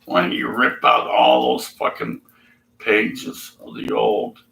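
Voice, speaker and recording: A man's voice: lowish voice, very animated, slow, gravelly, fairly bright tone, echoey room, low-quality recording. A man ranting sarcastically and profanely while reading scripture aloud. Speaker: atheist video commentator.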